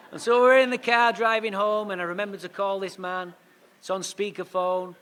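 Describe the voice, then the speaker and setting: A man with a high-pitched voice tells his story at a recovery meeting. He talks in punchy, animated bursts and throws quick asides to the room. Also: a little hiss or hum. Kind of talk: storytelling talk.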